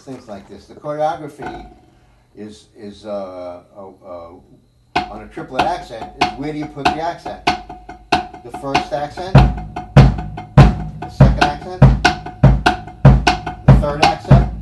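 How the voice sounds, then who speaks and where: A man teaching a live drum lesson, rambling and thinking aloud with many fillers. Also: on the low side. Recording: echoey room, mic at a distance, background noise.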